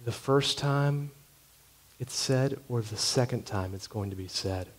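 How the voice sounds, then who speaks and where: A man preaching a sermon, earnest and emphatic, slowing to hushed phrases. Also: medium pitch. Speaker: pastor.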